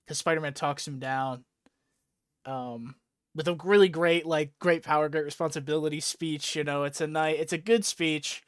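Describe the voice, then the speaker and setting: A man's voice: a little high, normal speed, clean tone, dry recording, clean studio sound. A young man casually recapping a comic book story, retelling it with lots of energy and acting out lines. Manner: animated retelling, acts out quotes casually. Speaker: podcast host.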